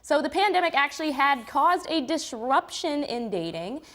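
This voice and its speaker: Young woman, student co-host, high voice, upbeat casual chat. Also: big pitch swings, normal speed, fairly bright tone. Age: young adult. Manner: upbeat, chatty, reads stories. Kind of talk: casual morning show chat.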